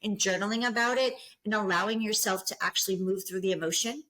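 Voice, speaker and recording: A woman's voice: medium pitch, fast talker, sharp tone, poor audio. Woman, middle-aged, podcast guest, business coach, earnest, encouraging, restarts phrases. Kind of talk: podcast interview.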